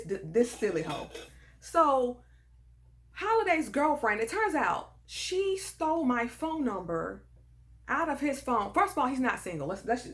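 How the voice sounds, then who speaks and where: A woman telling a personal story in a casual, animated and emphatic way, full of sass. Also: fairly high pitch. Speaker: storyteller vlogger.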